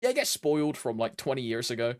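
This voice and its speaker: A man's voice: medium pitch, very animated, fast talker, dry recording. A British man with a British accent, chatting casually while streaming a game, laid-back. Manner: laid-back, lots of laughing asides.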